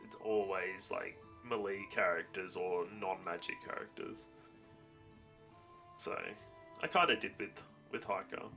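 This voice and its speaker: A man's voice: deep voice, measured pace, bright, forceful tone, soft background music. A man chatting casually as a player, rambling with lots of fillers. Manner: eager, rambling with fillers like 'like'. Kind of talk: casual chat.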